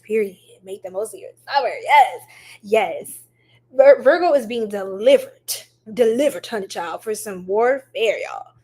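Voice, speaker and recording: A woman's voice: on the high side, a little mellow. A woman hosting a livestream tarot reading, chatting affectionately with viewers and reading their comments aloud. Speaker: tarot reader livestream host.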